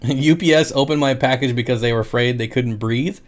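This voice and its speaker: Man, casual livestream chat, aquarium fish seller, joking, laughs a lot, mid pitch. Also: fairly quick. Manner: chatty and joking, laughs often.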